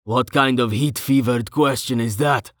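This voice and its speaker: A man's voice: medium pitch, measured pace, a bit bright, no echo, studio quality. Man voicing Hagar, a stern demanding adventurer. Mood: bewildered.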